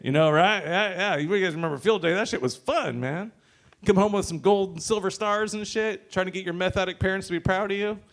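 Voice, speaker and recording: A man's voice: high-pitched, fairly quick. A man in his thirties hosting an open mic and doing a loose stand-up set, joking, swearing and chuckling between lines on a handheld stage mic.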